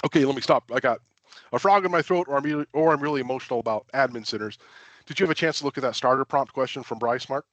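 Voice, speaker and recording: A man walks through software admin settings in a loose, self-deprecating webinar style, full of fillers and quick restarts. His voice sits in a middle range and sounds close and dry, with almost no room around it. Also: medium pitch, no room sound, muffled recording. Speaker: webinar presenter. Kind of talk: casual technical webinar talk.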